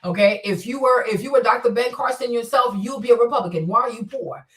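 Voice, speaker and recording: A livestream host with a high voice talks fast in loose, profane, unscripted commentary, swinging from loud outbursts to low mutters. She sits a little back from the mic, so her voice is a bit off-mic. The room around her is roomy and echoey.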